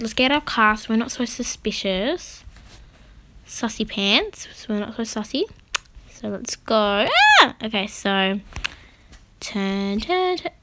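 High-voiced chatty woman gaming. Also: lively intonation, slow, pushed and bright, slight background noise. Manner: chatty, giggly, gasping and exclaiming. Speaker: gaming channel host. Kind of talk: casual gameplay commentary.

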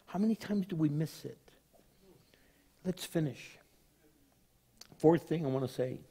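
A man's voice: mid-range voice, dark tone, breathy edge. An older man, a pastor giving a sermon in a conversational, storytelling way.

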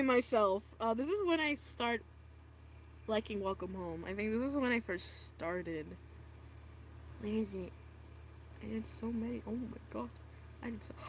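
A woman's voice: fairly high pitch, slight background noise. A young woman casually vlogging about her old art, self-mocking and dramatic, with groans and giggles. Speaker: video creator. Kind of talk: casual vlog reacting to own old art.

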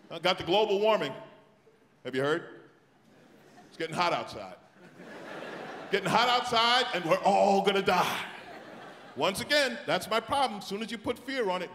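High-voiced comedian ranting on stage. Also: male voice. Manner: loud, rapid rants with mocking put-on voices. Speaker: stand-up comedian. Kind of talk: live stand-up set. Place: large theatre stage. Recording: echoey theatre with crowd noise. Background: audience laughter and applause.

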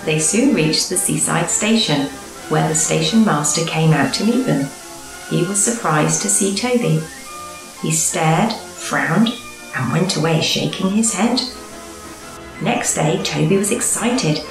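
Woman storyteller, gentle and measured, gravelly low voice, echoey room with music. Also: expressive. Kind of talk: storybook reading.

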